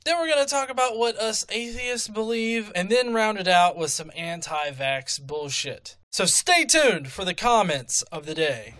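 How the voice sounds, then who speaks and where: Bright high-voiced man opening a show. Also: animated, a little slow, few pauses. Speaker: host. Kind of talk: show intro.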